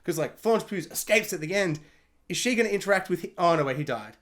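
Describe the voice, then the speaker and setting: High-voiced man rambling through a review. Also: expressive, a bit bright. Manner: rambling, lots of "like", rapid questions. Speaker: film reviewer. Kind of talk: casual spoiler review.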